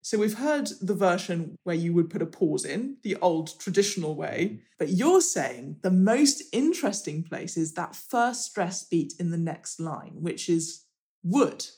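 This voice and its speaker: Brief: woman host, lowish voice, curious and prompting. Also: big pitch swings, a little slow, mellow. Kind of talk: interviewing conversation.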